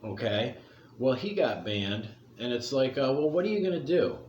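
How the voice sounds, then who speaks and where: A man's voice: mid-range voice, big pitch swings, moderate pace, darkish tone, muffled recording. Middle-aged man, blunt profane rant, rambling, roomy echo, faint background noise. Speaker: commentary vlogger. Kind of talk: casual opinion rant. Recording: echoey room.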